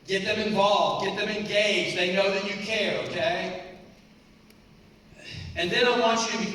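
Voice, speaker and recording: A high-pitched, bright-toned man gives a fired-up motivational speech and hammers his points home by repeating them. His voice carries through a big echoing convention hall with a long reverb tail, picked up from well away from the mic. Faint room hum sits underneath. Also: unhurried, long pauses. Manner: energetic, emphatic, repeats key points. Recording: echoey hall, voice from far off.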